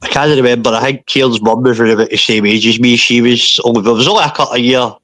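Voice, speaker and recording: A man, a podcast guest, recounting a painful personal story in a halting way, often repeating himself and saying mate. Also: mid-range voice, steady tone, a bit bright, no echo.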